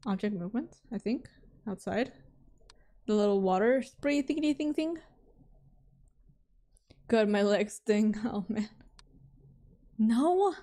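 Slow-talking young woman streaming a horror game. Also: medium pitch, warm tone. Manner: jumpy, talks to herself, pleading and self-mocking. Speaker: VTuber streamer.

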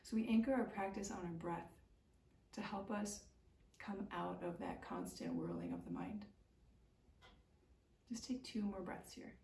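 A woman teaching a family yoga class, guiding the breathing and stretches in a calm, gentle voice. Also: medium pitch, a little slow, long pauses. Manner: calm, gentle, soothing guidance with light laughs. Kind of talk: guided yoga instruction. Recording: echoey room, mic at a distance.

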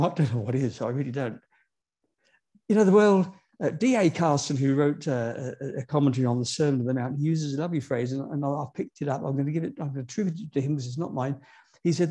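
In a church, a man preaches a sermon in a mellow, slightly husky voice. He drops into quiet asides, then climbs high on the key words, often turning to the congregation with rhetorical questions.

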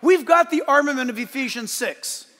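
A man as pastor delivering a sermon, animated and emphatic, swinging between shouts and soft asides. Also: extremely high pitch, moderate pace. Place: church sanctuary. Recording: large hall with long reverb.

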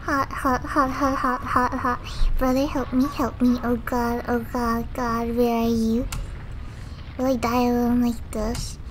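A woman's voice: a little high, flat delivery, unhurried, a little hiss or hum, natural voice. Woman reading as a burning woman crying for help. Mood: desperate.

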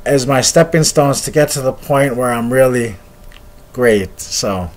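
A man's voice: medium pitch, measured pace, slight background noise. A man earnestly telling a story in a personal video, speaking in encouraging, repeated phrases. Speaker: motivational speaker.

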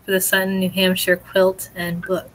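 A woman's voice: mid-range voice, monotone, unhurried, low-quality recording. A woman hosting a casual livestream, greeting viewers and reading comments, laughing often. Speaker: host.

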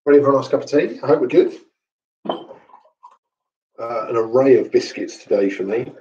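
A man's voice: mid-range voice, expressive, moderate pace, a little mellow. A man from London hosting a casual online training session, chatty and jokey with plenty of fillers. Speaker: host and trainer. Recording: echoey room, distant mic, dull sound.

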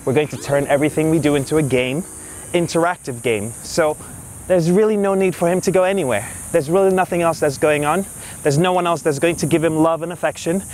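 A man's voice: on the high side, darkish tone, slight background noise. A man who trains dogs, talking in a casual, upbeat way outdoors in a park. He explains his methods and turns often to praise and direct his dog. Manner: upbeat, talks to the dog in bursts between explanations. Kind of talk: casual instructional vlog.

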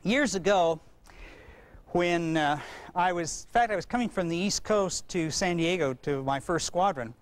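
A man giving a parenting lecture, telling folksy stories and acting out the voices. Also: high-pitched. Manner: folksy, animated storyteller who acts out voices. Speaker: parenting seminar speaker. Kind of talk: lecture with anecdotes.

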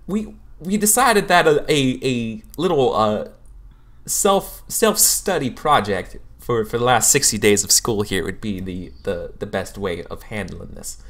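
A man's voice: lowish voice, expressive, a little slow, fairly bright tone. A man voicing a bumbling, jovial female school guidance counselor in a tabletop role-play, stammering and repeating words as he goes. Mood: flustered apologetic.

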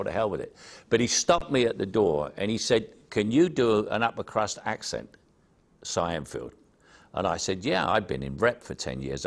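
An older man with a Cockney accent, speaking in a deep, low register. He reminisces in an interview, self-deprecating and anecdotal, telling long stories about his career.

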